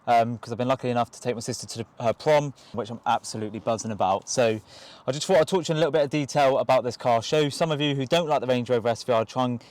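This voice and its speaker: A young man talks quickly and excitedly, tumbling through casual slang as he shows off a car. He sits inside the car, speaking to a camera that someone else holds. His pitch sits in a middling range. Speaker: car vlogger. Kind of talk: excited car review vlog. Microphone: camera held by someone else.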